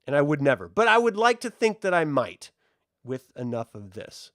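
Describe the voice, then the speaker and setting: A man talks through a film review in a casual, joking way, his voice sitting a bit high and moving up and down a lot. The sound is dry and close, with no room echo. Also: moderate pace. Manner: animated, joking, chatty. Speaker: host.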